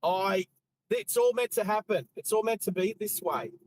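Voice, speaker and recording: An Australian man hosts a live stream from his car, chatting with viewers while driving and pointing out roadside sights, hopping between commentary on the road and the chat. His voice is high and a little mellow, at a moderate pace. The audio is poor, with a faint hiss or hum.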